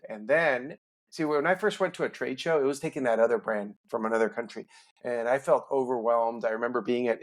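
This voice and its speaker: A middle-aged man tells a long personal story as a podcast guest. He is animated and acts out the dialogue from his story. His voice sits at a middle pitch for a man. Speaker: podcast guest, business owner. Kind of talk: storytelling in a casual interview.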